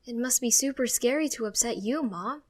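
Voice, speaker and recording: A woman's voice: on the high side, moderate pace, a little mellow, pitched above the performer's own voice, close to an everyday voice. A woman voicing an anxious, emotional young boy who talks in a pleading, tearful way. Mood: timid.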